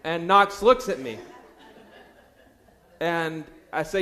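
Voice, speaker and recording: A man's voice: on the high side, slow, pauses often, pushed and bright. A man in his thirties, a pastor, preaching a sermon in a chatty storytelling way, with frequent fillers and restarts.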